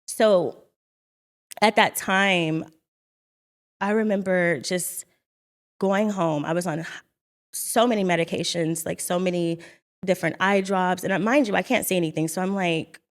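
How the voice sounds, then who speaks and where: A young woman in an earnest, halting, reflective telling of her personal faith testimony. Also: on the low side. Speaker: vlogger sharing her story.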